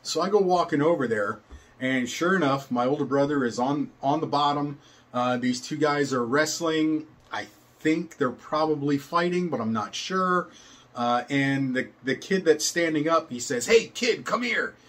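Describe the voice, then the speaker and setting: A man's voice: on the high side, moderate pace, fairly bright tone. An older man casually telling a personal story, meandering with many fillers and chuckles.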